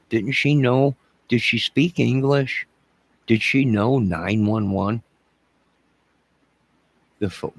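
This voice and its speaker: With a mid-range voice carrying vocal fry and a breathy edge, a middle-aged man hosts a livestream. He addresses his chat in a rambling, emotional, repetitive way.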